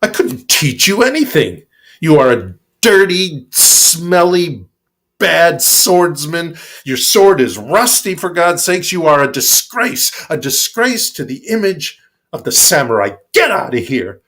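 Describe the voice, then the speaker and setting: Scornful little monk, raised and cutting, slow and deliberate, as a preacher puts him on. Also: male voice, on the high side, sing-song, fairly bright tone, voice pushed up, heavily acted. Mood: disdainful. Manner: disdainful, cutting. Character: small scornful male monk, calm and fearless.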